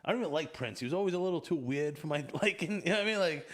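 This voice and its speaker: Profane, animated man telling stories. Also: fairly high pitch, rapid-fire. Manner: profane, animated storytelling with laughs. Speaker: podcast host. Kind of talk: casual chat.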